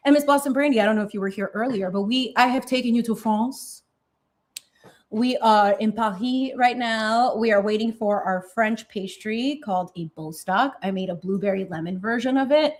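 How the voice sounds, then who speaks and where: A woman chatting casually while baking on a livestream, sassy and animated, talking straight to her viewers in her home kitchen. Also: mid-range voice. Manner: animated, sassy, talks straight to chat with lots of okay and honey.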